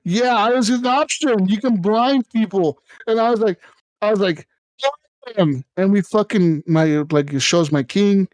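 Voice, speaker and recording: A man co-hosting a casual gaming podcast, telling stories in an animated, profane way with sudden jumps up in pitch. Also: normal speed. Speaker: podcast co-host.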